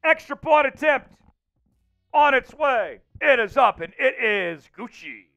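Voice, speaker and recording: A man hosting a livestream and calling the plays of a simulated football game, reading names from the chat and getting loud on big plays. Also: extremely high pitch, measured pace, dull audio, soft background music. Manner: excitable, shouts out chat names and hypes touchdowns. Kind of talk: live play-by-play commentary.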